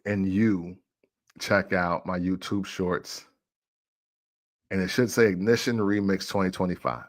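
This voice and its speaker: A man's voice: low voice, steady tone, unhurried. A man hosting a casual music talk show, arguing playfully and laughing often.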